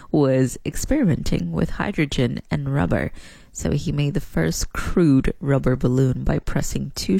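A man with a gravelly, creaky voice chats casually through a string of fun facts. He is playful and mocks himself as he goes. The sound is dry and close. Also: mid-range voice, a little mellow, no room sound. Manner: playful, self-mocking, laughs between facts. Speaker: host sharing fun facts. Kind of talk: casual chat.

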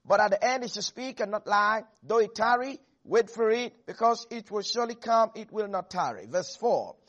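A man's voice: high-pitched, expressive, moderate pace, fairly bright tone, muffled recording. A man preaching a sermon, emphatic, reading scripture and calling on the congregation to repeat phrases after him.

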